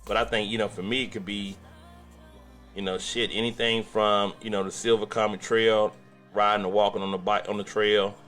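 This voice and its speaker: A man with a Southern US accent co-hosts a talk radio show in a relaxed, meandering way, often pausing with fillers. Faint music plays behind him. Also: on the low side. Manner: laid-back, rambling. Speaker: radio co-host. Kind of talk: casual radio banter.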